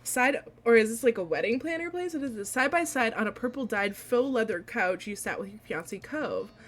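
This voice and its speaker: A woman streamer reading a visual novel aloud, excitable and giggly, with squealing reactions between read passages. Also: on the high side, fairly quick.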